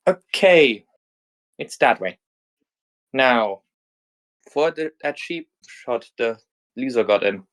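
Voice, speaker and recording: A man voicing a cheerful, bubbly young AI girl hero in a fan story reading, with excited squealing outbursts. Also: medium pitch, slow pace, long pauses. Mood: determined.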